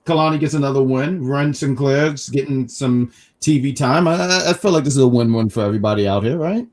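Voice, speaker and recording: A man co-hosting a casual wrestling review stream, talking in quick restarts and reading chat comments aloud. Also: mid-range voice, a little mellow. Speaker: wrestling review show co-host.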